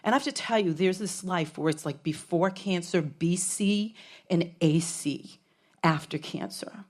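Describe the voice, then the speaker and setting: A woman's voice: lowish voice, a little slow. A middle-aged woman telling a frank, comic personal story on stage, swearing freely. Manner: frank, profane, comic, with laughs from a crowd.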